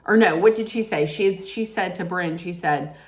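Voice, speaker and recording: A woman's voice: fairly low pitch, moderate pace. A woman hosting her own reality TV recap, ranting casually in a blunt, heated way straight to her viewers.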